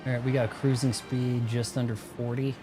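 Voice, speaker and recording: A man's voice: medium pitch, little pitch movement, normal speed. A man streaming live gameplay, rambling and cracking jokes as he plays, with game music behind him. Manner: rambling, joking asides while playing.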